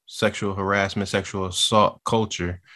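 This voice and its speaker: A man hosting a casual podcast chat, relaxed and agreeable as he wraps up topics. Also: low-pitched, moderate pace. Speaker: podcast host.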